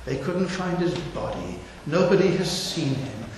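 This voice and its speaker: A man preaches through a Bible passage, his rather high voice pressing hard on key words and asking questions aloud. He is heard in a very echoey hall with a long reverb tail and a faint hiss behind him. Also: lively intonation, unhurried, darkish tone. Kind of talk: sermon.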